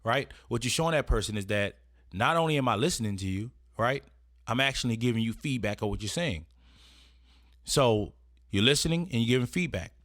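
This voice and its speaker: A man's voice: mid-range voice, animated, brisk, fairly bright tone, no room sound. Man giving dry, chatty advice talk. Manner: conversational, checks in with frequent "right?". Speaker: presenter giving etiquette advice. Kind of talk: casual instructional talk, partly read.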